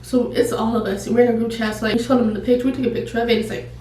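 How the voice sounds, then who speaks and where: A woman YouTuber telling a casual storytime, animated and profane, laughing often. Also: a little high, racing. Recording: echoey room, distant mic, faint noise.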